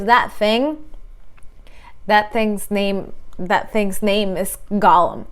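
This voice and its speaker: A woman's voice: medium pitch, slow pace. A woman relationship coach giving blunt, emphatic advice straight to her viewers and acting out the voices she quotes. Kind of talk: direct-to-camera advice talk.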